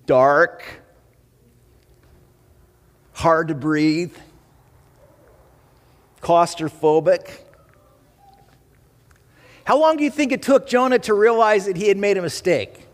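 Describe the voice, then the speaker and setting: A man preaching as pastor to his church, with an animated delivery, rising for emphasis and slowing for dramatic pauses. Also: high voice, long reverb tail. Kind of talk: sermon. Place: church sanctuary.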